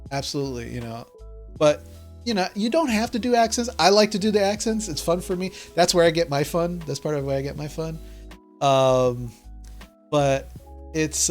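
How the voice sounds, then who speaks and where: A man who runs a tabletop game, chatting casually and answering viewer questions with many fillers and restarts. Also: a little high. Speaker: dungeon master.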